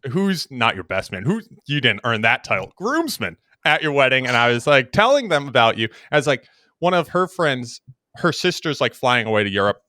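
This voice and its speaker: In a studio-quality recording with no echo, a young podcast co-host with a medium-pitched voice talks at a moderate pace. He chats casually, laughing often as he tells stories in an animated way.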